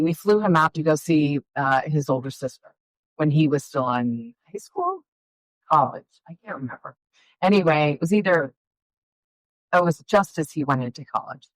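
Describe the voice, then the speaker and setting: A woman's voice: fairly low pitch, moderate pace, no echo, poor audio. A middle-aged woman, a filmmaker guest, telling rambling family stories in a casual interview. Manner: rambling, animated storytelling with fillers.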